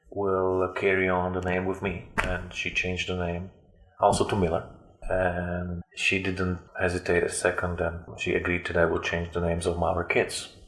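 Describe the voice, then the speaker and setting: Deep, flat-voiced man telling his story. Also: echoey room. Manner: halting, with frequent fillers and restarts. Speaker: interview guest. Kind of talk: personal storytelling.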